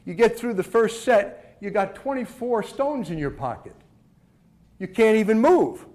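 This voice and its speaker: A man with a high voice teaching the mental side of tennis. He talks emphatically, answers his own rhetorical questions and stumbles into repeated words as he restarts. He sounds middle-aged. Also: lively intonation, measured pace, a little mellow. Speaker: tennis coach. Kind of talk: instructional talk on mental game.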